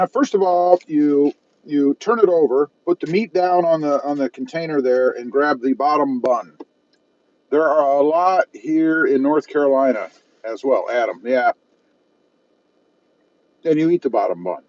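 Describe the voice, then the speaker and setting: A man's voice: on the high side, measured pace, a little mellow, highs cut off. A man from South Texas chatting casually on a live stream from his parked car while eating and reading viewer comments aloud, self-mocking and easygoing. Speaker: car channel host reading live chat. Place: parked car at a fast-food restaurant.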